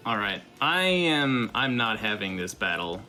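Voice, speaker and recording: A man lays out his character's moves with a bright, forceful tone. His voice sits low and cuts through, with faint music underneath. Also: sing-song, unhurried. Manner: decisive, declaring actions. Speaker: player. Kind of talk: tabletop game play.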